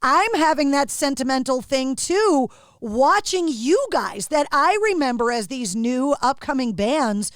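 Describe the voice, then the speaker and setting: Middle-aged woman host, high bright voice, dry room, chatty radio interviewer. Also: lively intonation, measured pace, hardly any pauses, dry recording. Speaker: podcast host. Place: her radio studio.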